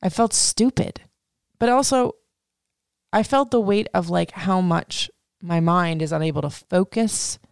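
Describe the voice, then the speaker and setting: A woman's voice: lowish voice, a little slow, gravelly, clean tone, dry recording, studio quality. A woman podcast host telling a personal story in casual, rambling talk, full of swearing and "like". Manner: rambling, profane, heavy use of "like".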